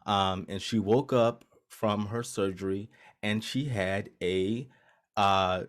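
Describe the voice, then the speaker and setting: A man's voice: lowish voice, fairly even intonation, slow pace. A man co-hosting a casual chat podcast, talking loosely with many ums and restarts. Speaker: podcast co-host.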